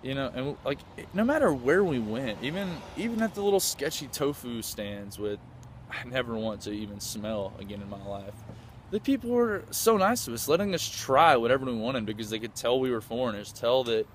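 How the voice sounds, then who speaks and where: A man's voice: mid-range voice, animated, normal speed, a little hiss or hum. A man from the United States, enthusiastically recounting a trip in a rambling, casual way with lots of fillers and restarts. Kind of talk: casual storytelling.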